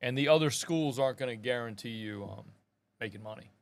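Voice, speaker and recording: A man's voice: mid-range voice, fairly quick. A middle-aged man hosting a live show, chatting casually in a rambling, slangy way and calling listeners bro and man. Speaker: podcast host. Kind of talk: casual live-stream chat.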